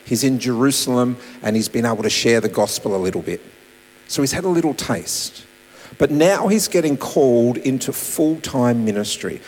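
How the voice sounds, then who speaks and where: A man preaching a sermon, swinging between raised emphasis and soft, quiet asides. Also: medium pitch, animated, moderate pace. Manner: dynamic preaching, voice rising and dropping to soft asides. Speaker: pastor. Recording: long hall reverb with mains hum.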